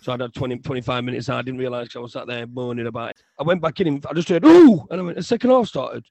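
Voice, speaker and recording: Fast-talking, animated man. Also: mid-range voice, dry recording. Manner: animated, ranting, repeats himself. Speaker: podcast co-host. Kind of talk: casual football chat.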